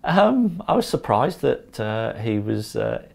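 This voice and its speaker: A man in his fifties, a former football pundit, recounting events in a calm, unhurried way with lots of ums. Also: medium pitch, gravelly. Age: 50s. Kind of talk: casual interview.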